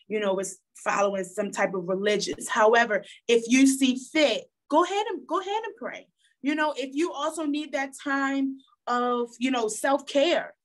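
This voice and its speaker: A young woman giving an earnest motivational talk with a preachy tone, repeating phrases for emphasis. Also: fairly high pitch. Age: young adult. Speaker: guest speaker.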